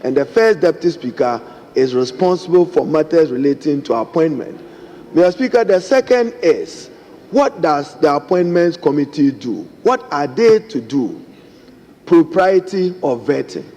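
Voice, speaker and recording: A man's voice: a little high, expressive, normal speed, warm tone. Ghanaian man giving a parliamentary speech. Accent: Ghanaian English. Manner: formal oratory, addressing the Speaker repeatedly. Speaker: member of parliament. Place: parliament chamber. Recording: reverberant chamber with faint noise.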